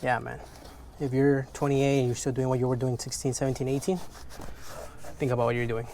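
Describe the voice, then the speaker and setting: A man's voice: medium pitch, level tone, a little fast, warm tone, a little hiss or hum. A man with English as his second language, frankly chatting in a rambling, motivational way while detailing his car, swearing casually.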